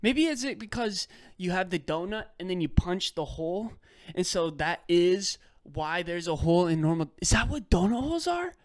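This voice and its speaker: A man's voice: high voice, very animated, normal speed, dry recording, clean studio sound. A young man hosting a podcast, telling a rambling, exasperated story in casual slang. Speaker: podcast host. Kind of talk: casual comedic rant.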